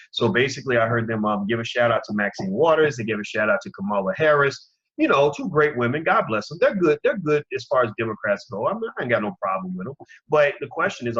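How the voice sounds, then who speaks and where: Male commentary host, husky, impassioned preacher-style delivery, muffled lo-fi sound. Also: on the low side, a bit bright. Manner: impassioned, preaching, direct address to listeners. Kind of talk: opinion commentary.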